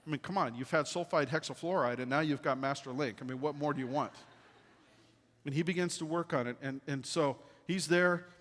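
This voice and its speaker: A man delivering a storytelling sermon with a slightly raised pitch. His voice carries a long reverb in a church hall. He is animated and drops to a hush when quoting others. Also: a little fast. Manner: animated, drops to a hushed voice for quoted lines. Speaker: pastor. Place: church sanctuary.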